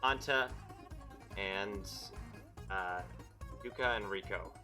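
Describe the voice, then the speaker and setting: A man's voice: fairly low pitch, takes it slowly, bright, forceful tone, soft background music. A man from Quebec with a Canadian accent, narrating a tabletop game as game master in a rambling, casual way. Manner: rambling, filler-heavy recap.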